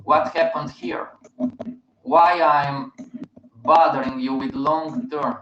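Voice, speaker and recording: A man's voice: on the high side, fairly even intonation, slow pace, pauses often, noisy background. A man hosting a live webinar, speaking emphatically and often checking in with his listeners. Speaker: host, market educator. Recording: roomy, dull stream audio.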